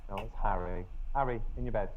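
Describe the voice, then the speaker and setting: A man from northern England, co-hosting a podcast over a video call, talking with excitable, joking banter. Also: on the low side, lo-fi sound, a little hiss or hum. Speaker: podcast co-host. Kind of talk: casual chat.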